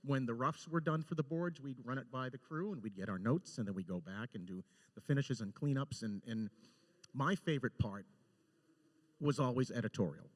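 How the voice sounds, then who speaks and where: A man speaking on a convention panel about storyboarding an animated show, telling stories with excitement, restarts and laughter. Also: medium pitch, brisk. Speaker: storyboard director on an animated series. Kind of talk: casual panel talk.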